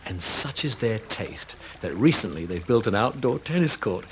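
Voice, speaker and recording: A man's voice: on the low side, sing-song, normal speed, a little hiss or hum, poor audio. A man presenting a travel show, chatty and enthusiastic as he narrates and talks with people.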